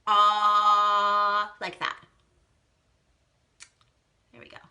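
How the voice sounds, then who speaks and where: A young female teacher runs a live phonics game, reading out children's guesses and praising them warmly. Her voice is very bright and swoops across a wide range of pitch. She speaks slowly and clearly, with excited gasps. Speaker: teacher hosting a live online lesson.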